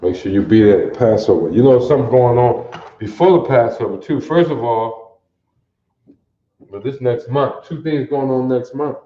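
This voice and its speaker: A man's voice: medium pitch, normal speed, mellow, reverberant, highs cut off. A man from teaching a livestreamed Bible class, quizzing his listeners and repeating phrases over and over to drill them. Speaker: religious teacher.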